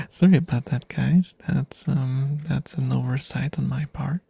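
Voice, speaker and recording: A man chats softly and ramblingly to his stream audience, self-deprecating and often drifting down into whispers. His voice is mellow and husky, with a gravelly edge, and it sits close to the microphone in a dry, dead room. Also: mid-range voice, fairly even intonation, slow pace, no room sound. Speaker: ASMR streamer. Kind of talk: soft rambling ASMR chat.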